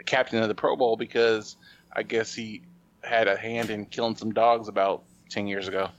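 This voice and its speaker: A man's voice: lowish voice, dull audio. A man hosting a podcast, talking in a casual, rambling way with lots of fillers and restarts. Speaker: podcast host.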